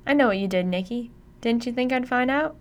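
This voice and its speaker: A woman's voice: on the high side, a little fast, pitched above the performer's own voice, lightly acted. Woman voicing a menacing, drugged father. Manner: flat, menacing, bursts into screaming. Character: violent drugged father, middle-aged man.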